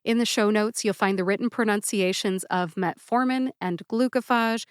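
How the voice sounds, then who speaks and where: A woman hosting a pharmacist's podcast, speaking deliberately and spelling out syllables in a scripted educational style. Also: medium pitch, clean tone, dry recording, studio quality. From United States.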